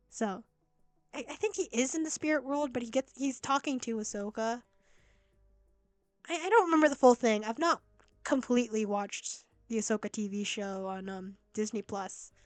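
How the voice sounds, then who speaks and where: A young woman streaming a game, chatty and excitable, reacting and reading story lines aloud. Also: a little high, no room sound. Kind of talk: casual game-stream commentary. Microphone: laptop mic.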